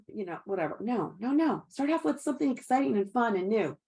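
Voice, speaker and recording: A woman's voice: fairly high pitch, lively intonation, fast talker, few pauses, darkish tone. A middle-aged woman coaching direct sellers in an upbeat, chatty way, laughing often and acting out sample calls. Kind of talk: sales training talk.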